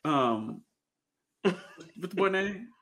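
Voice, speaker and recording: Bright-toned guy hosting a sports chat, stops and restarts a lot. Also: high-pitched, expressive, very slow. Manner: hesitant, many fillers and restarts, laughs often. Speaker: podcast host.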